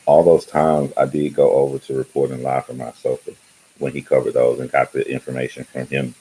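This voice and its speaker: A YouTube channel host with a very deep voice and dark tone rambles loosely in casual livestream chat, often laughing. The audio is poor, with a little hiss or hum.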